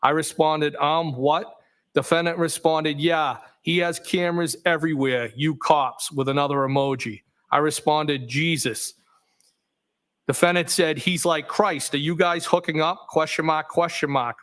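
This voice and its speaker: Testifying at trial in a courtroom, a fairly high-voiced man reads out text messages at an unhurried pace. He stays steady and factual, speaking each punctuation mark aloud.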